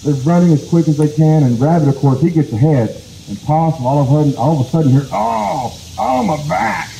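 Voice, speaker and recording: A man's voice: fairly high pitch, fast, dark tone. A man from the Cherokee Nation telling a folk tale live, casual and conversational, at an outdoor festival. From United States, Cherokee Nation. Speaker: storyteller. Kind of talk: live oral storytelling. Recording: echoey with faint noise.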